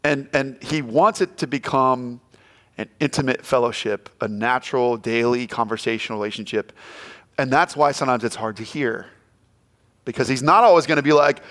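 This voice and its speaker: A middle-aged male pastor preaching a sermon, dropping to a hush and then shouting out quoted lines. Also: fairly high pitch, fairly quick. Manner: animated, swings from hushed to shouting quotes.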